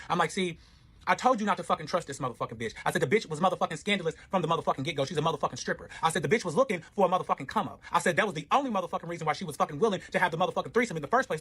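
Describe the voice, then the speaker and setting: A man's voice: high voice, pushed and bright, husky. A man telling his own relationship story in a casual storytime, profane and rambling, with lots of filler and quoted back-and-forth.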